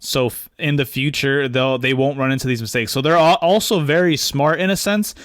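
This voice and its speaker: A man in casual podcast chat, calmly explaining background details. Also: medium pitch, fairly quick, no echo, studio quality. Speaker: podcast co-host.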